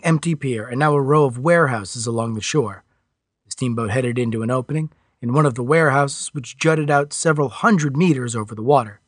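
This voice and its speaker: A man reading a novel aloud as a narrator, in a steady storytelling delivery. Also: medium pitch, no room sound, clean studio sound. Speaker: audiobook narrator. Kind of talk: scripted narration.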